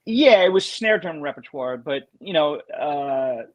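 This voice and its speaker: A man with a fairly high voice tells stories as a guest in a casual interview. He is animated and often restarts his sentences mid-thought. The recording is dry and close, with little room sound. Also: a little slow, dry recording, highs cut off. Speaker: guest drummer.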